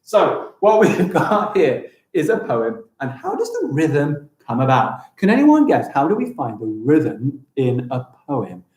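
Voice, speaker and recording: A young English man teaching a live-streamed primary school lesson, upbeat and encouraging, sounding out words slowly. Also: on the high side, wildly swooping pitch, a little mellow, reverberant, rough recording.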